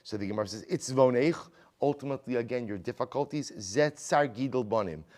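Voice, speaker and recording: A man teaching a Talmud class as a rabbi, conversational and animated, asking rhetorical questions and mixing in Hebrew and Aramaic terms. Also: mid-range voice, a little fast. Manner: conversational, many rhetorical "right?" questions and restarts; animated, swings loud and quiet for emphasis.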